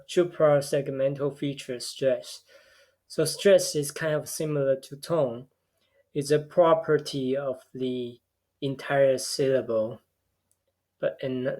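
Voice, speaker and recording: Slow, measured male lecturer. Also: mid-range voice, a little mellow. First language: a tonal language. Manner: measured, repeats words while explaining. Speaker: linguistics lecturer. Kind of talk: recorded lecture.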